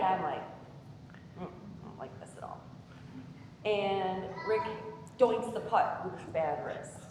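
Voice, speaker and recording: Nervous woman telling a story at an award night, middle pitch, super echoey hall. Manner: lively anecdotal storyteller with chuckles. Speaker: hall of fame inductee giving a speech. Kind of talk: storytelling acceptance speech. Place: large echoey event hall. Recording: echoey hall with room noise.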